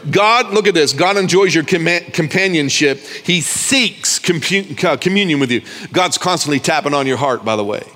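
A male pastor preaching an animated, joking sermon to a congregation, calling for their responses. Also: mid-range voice. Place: church sanctuary. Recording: long reverb of a large hall.

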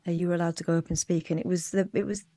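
A woman, co-hosting a casual podcast chat over a remote call and recounting events in a calm, measured way. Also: lowish voice, dry recording. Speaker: podcast co-host.

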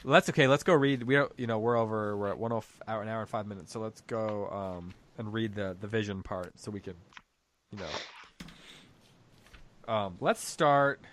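A man with a lowish voice talks through a short story on a book podcast. He thinks aloud in a reflective, unhurried way and reads passages out between his comments. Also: fairly bright tone, a little hiss or hum. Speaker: podcast co-host.

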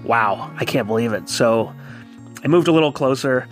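A man in his thirties from New York telling a casual, animated personal story and acting out quoted voices. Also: medium pitch, normal speed, soft background music. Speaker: guest storyteller. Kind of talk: casual anecdote.

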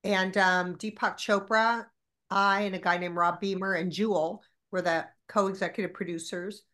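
A woman's voice: mid-range voice, normal speed. A woman in her forties, a podcast guest, telling stories candidly and animatedly with plenty of swearing. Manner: animated, profane storyteller.

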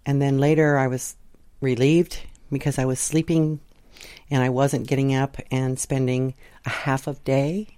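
A middle-aged woman from southern Indiana slowly recounting her dreams in a sunroom at home, pausing and restarting as she goes. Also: a bass voice, level tone, warm tone, no echo. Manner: unhurried, halting, with pauses and restarts. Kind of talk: reflective personal storytelling.

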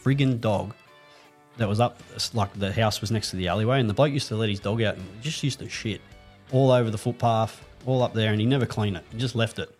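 A man's voice: lowish voice, fast talker, a little mellow, faint music behind. A man co-hosting a podcast, telling crude stories in a casual, swear-heavy chat. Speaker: podcast co-host.

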